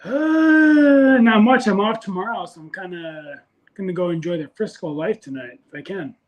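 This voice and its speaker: Male caller, high voice, easygoing video-call chat. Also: normal speed, highs cut off, crowd noise.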